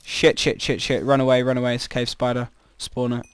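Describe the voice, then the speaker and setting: A man's voice: mid-range voice, level tone, fairly quick, clean tone, dry recording. A man giving rambling, chatty commentary while playing a game, breaking into startled exclamations. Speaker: gamer. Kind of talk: casual gameplay commentary.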